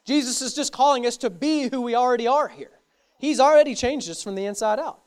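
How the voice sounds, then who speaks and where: A man's voice: extremely high pitch, fast, smooth. A male pastor preaching a sermon earnestly, repeating key phrases for emphasis.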